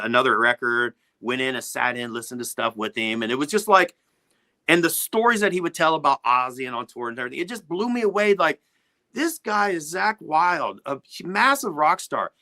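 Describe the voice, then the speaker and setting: A middle-aged man, a music producer, telling studio stories as a guest with lively, swearing energy, acting out the people he quotes. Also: fairly high pitch, no echo. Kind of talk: animated storytelling in a podcast interview.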